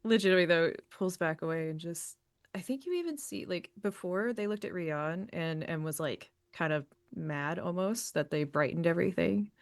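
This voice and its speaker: A woman playing a tabletop role-playing game, softly and hesitantly narrating what her character does, with many fillers. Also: lowish voice, expressive, normal speed. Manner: soft, hesitant, full of fillers. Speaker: player in a tabletop role-play.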